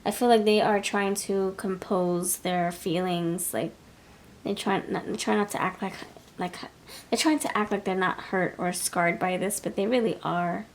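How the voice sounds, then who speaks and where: A woman's voice: medium pitch, fairly even intonation, normal speed, slight background noise. Rambling woman reading tarot cards. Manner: rambling, repeats herself, slips into voicing others' thoughts. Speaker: tarot reader. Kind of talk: casual pick-a-card tarot reading.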